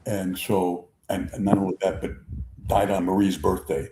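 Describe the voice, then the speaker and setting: A man in his seventies hosts a sports talk show and rambles through a long anecdote, circling back over his own words. His voice sits a little low, and the room around him rings with echo. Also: normal speed, noisy background. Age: 70s. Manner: rambling, repeats himself, animated impressions in stories. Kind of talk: conversational storytelling. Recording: echoey room.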